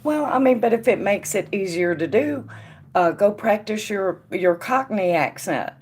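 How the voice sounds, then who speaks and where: A woman hosting a casual live tarot reading, chatting with viewers by name and dropping to a quiet murmur when she puts questions to the cards. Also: medium pitch, expressive, unhurried, breathy edge. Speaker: tarot reader and stream host.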